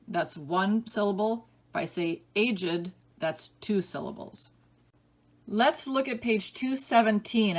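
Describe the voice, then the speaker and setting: A teacher records a spelling lesson, reading each word slowly and clearly in a patient, explanatory manner. Her voice is medium in pitch.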